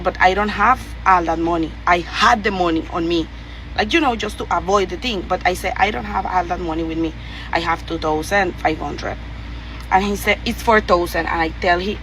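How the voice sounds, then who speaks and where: A woman's voice: lowish voice, fairly bright tone, a little hiss or hum, low-quality recording. Venezuelan woman telling a story with heat. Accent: Venezuelan Spanish. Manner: rambling, profane, emphatic, many fillers and restarts. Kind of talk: heated storytelling.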